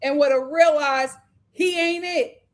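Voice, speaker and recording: High-voiced woman chatting in a live show review. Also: fairly even intonation, unhurried. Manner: chatty, opinionated, acts out cast members' lines.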